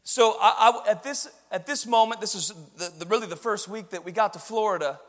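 High-voiced man preaching in a hall. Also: a little fast. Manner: energetic, swings from quiet asides to shouted emphasis. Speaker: pastor. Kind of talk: sermon with storytelling.

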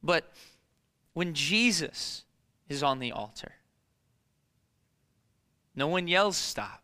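A man preaching a sermon in a dramatic storytelling way, moving between hushed and emphatic delivery. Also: on the high side, lively intonation, takes it slowly, clean tone. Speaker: pastor.

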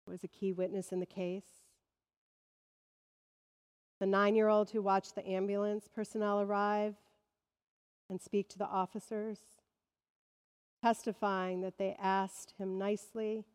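A woman pastor delivering a sermon in a measured preaching manner that swells with emphasis. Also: mid-range voice, darkish tone, clear, resonant tone. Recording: long reverb of a large hall.

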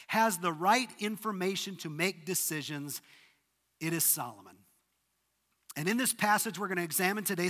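High bright-voiced preacher in a reverberant hall. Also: male voice. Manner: dramatic retelling, voice rises and drops to near whisper. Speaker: pastor. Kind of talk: sermon.

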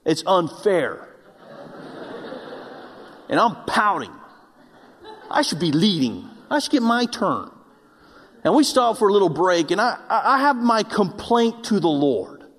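Brief: male pastor, fairly high voice, self-mocking storyteller turning earnest, long hall reverb of a church. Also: very animated, measured pace, long pauses, fairly bright tone, breathy edge. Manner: earnest preaching to a congregation. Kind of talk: sermon.

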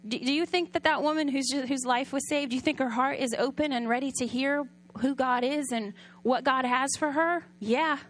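A woman preaching a sermon in a conversational storytelling way, often asking the audience questions and sometimes dropping soft and quiet. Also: high-pitched, normal speed.

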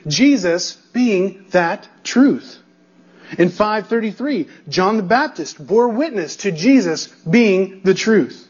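A man's voice: high voice, darkish tone, husky, highs cut off. A male pastor preaching an expository sermon, emphatic and building through repetition, checking in with the congregation.

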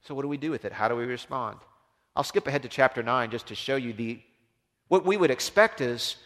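A man preaching a sermon as a pastor, impassioned, swinging from loud emphasis down to hushed, low tones. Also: fast talker. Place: church. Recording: long reverb of a large hall.

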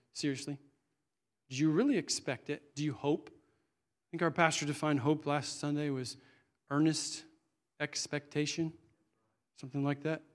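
A middle-aged man preaching with a slightly raised pitch. He talks earnestly and conversationally, circling back and restarting his phrases as he presses his point. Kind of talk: sermon.

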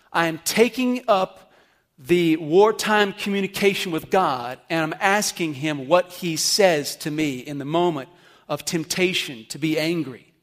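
A man's voice: high voice, a bit bright. A man preaching a sermon, teaching earnestly and checking with his listeners. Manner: earnest teaching with questions to the congregation. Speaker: pastor. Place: church service.

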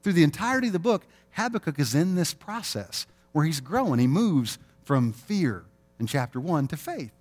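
A man's voice: a little high, big pitch swings, moderate pace, a little mellow. A middle-aged man preaching a sermon as pastor, in a conversational way, acting out small scenes in quoted voices.

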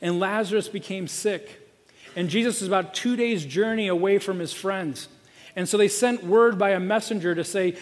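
High-voiced male pastor preaching. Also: normal speed, big-room sound. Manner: storytelling, lively, with fillers. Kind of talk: sermon.

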